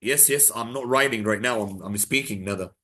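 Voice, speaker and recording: A male teacher runs an exam prep lesson in English. His tone is bright and forceful, and he slips Arabic phrases into his explanations. He repeats his key points to drive them home. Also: lowish voice, brisk. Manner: mixes Arabic phrases into English, emphatic repetition.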